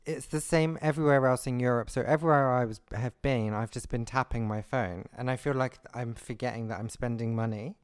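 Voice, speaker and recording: A man's voice: mid-range voice, steady tone, brisk, few pauses, clean tone, no echo. Man, podcast co-host, casual chat, laughs often, dry close sound. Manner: chatty, laughs often, trails off.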